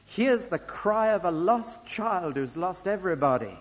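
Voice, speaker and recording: Male preacher, husky, emphatic then hushed, long hall echo, muffled old recording. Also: high-pitched, lively intonation. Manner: emphatic, swings between loud stresses and slow hushed phrases. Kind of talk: sermon. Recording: dull lo-fi recording in a reverberant hall.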